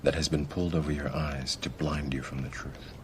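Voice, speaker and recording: A grave, deep-voiced mentor. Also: male voice, level tone, background noise. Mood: solemn. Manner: slow, solemn, hushed dips to near whisper. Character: grave, calm male mentor revealing hidden truth. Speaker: mentor figure in a film. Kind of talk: dramatic film dialogue. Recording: film clip with music behind.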